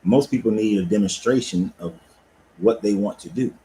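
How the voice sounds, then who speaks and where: A low-pitched man chats loosely and profanely from his cigar lounge, laid-back but animated. A faint hum of background noise sits under his voice. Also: moderate pace, low-quality recording. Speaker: life coach and cigar lounge owner. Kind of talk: casual livestream talk.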